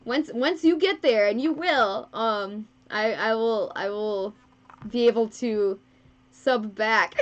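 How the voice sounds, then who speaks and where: Her voice runs on the high side and she talks slowly, chatting with her live-stream audience while she sews fursuits. She giggles, laughs often and makes fun of herself. The sound is dull, coming through the wrong microphone.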